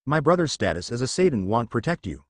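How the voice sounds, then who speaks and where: A man's voice: medium pitch, sing-song, fast, no room sound, clean studio sound. A man voicing an enraged, scheming young male devil heir who bellows and screeches his lines. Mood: furious.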